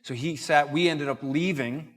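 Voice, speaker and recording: Male conference speaker, slightly high voice, animated storyteller, long church-hall reverb. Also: normal speed. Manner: animated storyteller acting out dialogue. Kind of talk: storytelling sermon talk.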